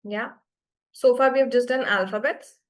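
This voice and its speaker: A woman's voice: on the high side, moderate pace. Woman teacher walking beginners through french sounds, patient, keeps asking if they got it. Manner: checks understanding often, patient explaining. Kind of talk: online class teaching.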